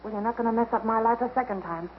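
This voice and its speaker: A woman's voice: a little high, racing, muffled recording, noisy background, lightly acted. An actress playing a young mother who answers back firmly, in 1940s film acting. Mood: defiant. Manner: firm, defiant. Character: defiant young mother, woman.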